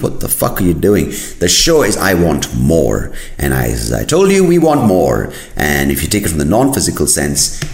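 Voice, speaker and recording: A man's voice: a bass voice, gravelly. A man from India, a native Kannada speaker, hosting a comedic podcast monologue with crude asides. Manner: animated storytelling with crude asides. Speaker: podcast host. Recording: echoey room.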